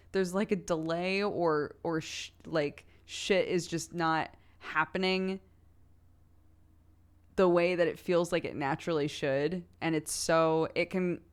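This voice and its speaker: A chatty woman streamer in her thirties with a somewhat low-pitched voice. She talks casually and tells anecdotes, laughing often. She acts out the quotes in her stories as she goes. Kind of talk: casual chat on a livestream.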